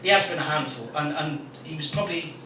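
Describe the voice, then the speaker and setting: A man's voice: on the high side, quick pace. Stand-up compere, man, crude and chatty, recorded far away in a noisy room. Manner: blunt, crude, chatty storytelling with swearing. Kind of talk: stand-up comedy set. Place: small coffee shop venue with live audience. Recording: very echoey room recorded from a distance with background noise.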